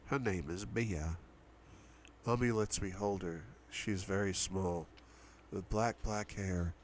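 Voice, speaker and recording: A man's voice: deep voice, slow. A young man reading a novel aloud for a book club, with asides to his viewers. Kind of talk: audiobook-style reading.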